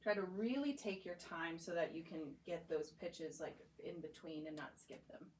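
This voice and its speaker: A young woman with a slightly low voice coaches a client through voice exercises in a clinic room. She explains each step patiently and encourages warmly, over a faint hiss of background noise. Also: normal speed, reverberant. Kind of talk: guiding a voice therapy session.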